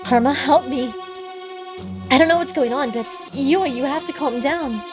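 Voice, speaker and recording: A woman's voice: sits high, a little slow, music in the background. A woman reading the lines of a sickly, clingy young man who flares up in anger, in a light voice close to her own. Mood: frightened.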